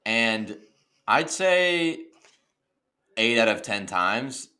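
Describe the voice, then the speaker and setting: A man's voice: mid-range voice, big pitch swings, drawn-out words, pushed and bright. A man co-hosting a podcast, telling rambling funny stories in casual chat. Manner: joking, rambling storyteller. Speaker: podcast co-host.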